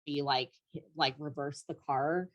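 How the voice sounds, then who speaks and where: Young woman guest, low voice, rambling story with plenty of "like" and "um", laughs here and there; casual podcast chat. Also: steady tone, measured pace, lo-fi sound. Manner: rambling, filler-heavy, laughs through story. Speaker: comedian guest.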